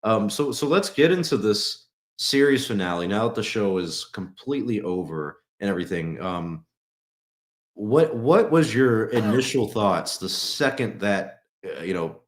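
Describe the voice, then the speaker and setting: A man's voice: lowish voice, lively intonation, unhurried, roomy sound. A man from Texas co-hosting a casual podcast, rambling with many restarts and fillers. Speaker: podcast co-host.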